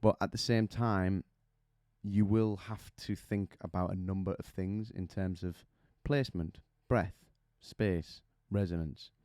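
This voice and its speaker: Man, vocal coach; deep smooth voice, dry close sound, teaching with vivid imagery. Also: steady tone, unhurried, a little mellow, dry recording. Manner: explains with images and rhetorical questions. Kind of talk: vocal technique lesson.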